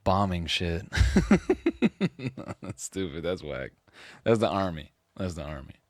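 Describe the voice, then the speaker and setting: A man's voice: low-pitched, wildly swooping pitch, takes it slowly, darkish tone, no room sound, studio quality. A man reacting casually on a live stream, laughing often and swearing freely.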